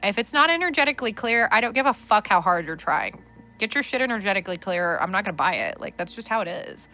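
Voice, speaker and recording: Blunt, profane, bright-voiced woman. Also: mid-range voice, very animated, fast talker. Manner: blunt and profane, trailing restarts. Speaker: podcast host. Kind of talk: unscripted spiritual rant. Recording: faint background music.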